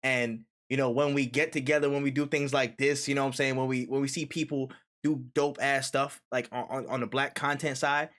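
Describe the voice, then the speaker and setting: A man's voice: medium pitch, flat delivery, a little fast, few pauses, fairly bright tone. Earnest enthusiastic podcast co-host, man. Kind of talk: casual chat.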